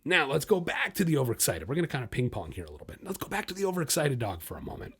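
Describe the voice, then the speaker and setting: A man's voice: fairly high pitch, husky. A man hosting a dog podcast, giving casual, blunt training advice and talking straight to his listeners. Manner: blunt, animated, talks straight to listeners as "guys"; acts out a dog's inner voice in quick asides.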